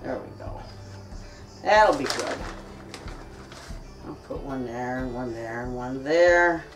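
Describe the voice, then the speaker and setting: A woman's voice: very deep voice, slow pace, recorded from a distance, faint music behind. A middle-aged woman chatting in a folksy, friendly way with her viewers while she cooks in her home kitchen. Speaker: cooking vlogger. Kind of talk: casual kitchen chat while cooking.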